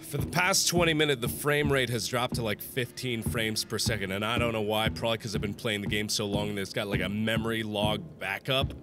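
A young man playing a horror game and commenting, sick and nauseous, swinging between shrieked curses and low, worn-out muttering. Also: fairly even intonation, brisk, hardly any pauses. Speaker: gaming YouTuber. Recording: game music behind.

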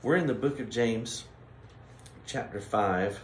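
A man's voice: lowish voice, takes it slowly, echoey room, a little hiss or hum. A man preaching a Bible-study sermon as pastor, teaching plainly and unhurriedly with frequent restarts.

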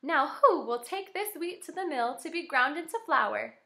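A woman reading aloud as a hardworking little hen in a children's storybook, in a plain, steady voice. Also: sits high, moderate pace, vocal fry, voice pushed up, exaggerated voice. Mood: determined. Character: hardworking little hen who does every job herself.

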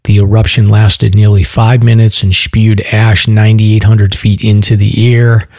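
A man hosting a casual podcast, reading news stories aloud in a loose, relaxed way. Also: lowish voice, measured pace, no echo, studio quality. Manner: relaxed, loose delivery with fillers. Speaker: podcast host.

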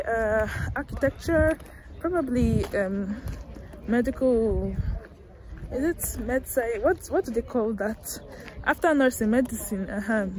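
In this casual walking vlog, a young woman strolls around a university campus outdoors and chats to her audience through a phone held in her hand, joking at her own expense. Her voice is slightly high and a little mellow.

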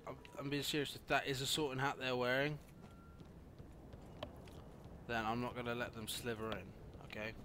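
A young man doing let's play commentary, swearing a lot and often breaking into angry yells. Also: medium pitch, level tone, fast talker, noisy background. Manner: swearing, frequent angry yelling outbursts. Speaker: gaming youtuber.

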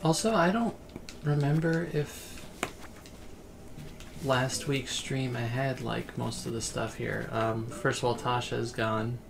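A man with a gravelly, creaky voice chatting loosely through a laid-back game livestream. He rambles between thoughts and reads viewers' messages aloud. Soft game music plays faintly behind him. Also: medium pitch, flat delivery, slow. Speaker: streamer. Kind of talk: casual game livestream chat.

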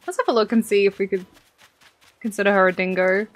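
A young Australian woman chatting over a game as a streamer, excitable, swearing freely and laughing often. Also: medium pitch, quick pace, faint music behind. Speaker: gaming streamer. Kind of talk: casual game commentary.

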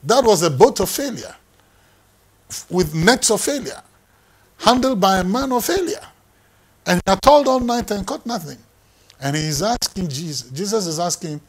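A man's voice: sits high, big pitch swings, moderate pace, breathy edge. A man, preaching a sermon in an emphatic way, repeating phrases for effect. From Ghana. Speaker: pastor.

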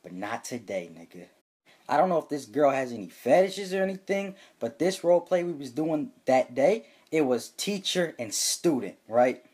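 A young man telling a comedic, profane story for his vlog, reading chat screenshots aloud with loud, animated bursts. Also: medium pitch, moderate pace, husky.

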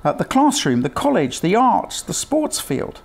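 A man's voice: sits high, wildly swooping pitch, normal speed, gravelly. A man preaching a sermon in an earnest, emphatic way, asking his listeners rhetorical questions.

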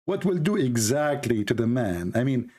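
A man hosting a live stream in a sarcastic, mocking tone. His pitch is in the middle range for a man. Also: big pitch swings, moderate pace, warm tone.

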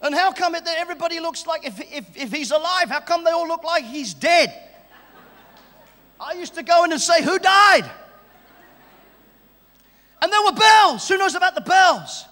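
A man preaching a sermon at a church service, exuberant and shouting and joking with the congregation. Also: very high-pitched, animated, a little fast, in a large hall.

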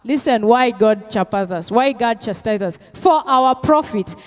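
High-voiced woman preaching. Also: expressive, unhurried, hardly any pauses. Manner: call-and-response preaching, switching into Swahili phrases. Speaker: pastor. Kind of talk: sermon.

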